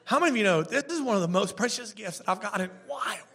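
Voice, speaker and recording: High-voiced man preaching a casual sermon. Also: animated, very fast, a bit bright, breathy edge. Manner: chatty, repeats words, asks the congregation questions. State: tearful at times. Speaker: pastor.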